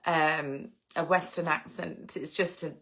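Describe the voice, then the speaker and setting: A woman's voice: low-pitched, fairly even intonation, a little slow, fairly bright tone. A woman in her late thirties from England, hosting a casual livestream, reflecting at length and answering viewer comments. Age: 30s. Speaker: livestream host.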